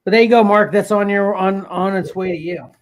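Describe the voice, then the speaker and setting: A man's voice: high-pitched, fairly quick, slight background noise. A man co-hosting a casual podcast chat, talking loosely with frequent laughs and trailing phrases. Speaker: co-host.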